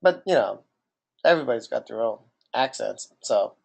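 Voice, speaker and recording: A man's voice: medium pitch, animated, normal speed, vocal fry, breathy edge. A man with a New Jersey accent co-hosting a casual podcast, talking in a rambling, questioning way. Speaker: podcast co-host.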